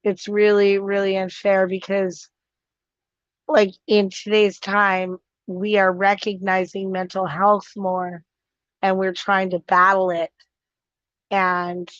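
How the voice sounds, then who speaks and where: A woman sharing personal thoughts in a slow, earnest, hesitant way, with many pauses and fillers. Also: medium pitch, smooth, no room sound, dull audio. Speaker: guest on the stream, host's partner. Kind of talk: casual conversation.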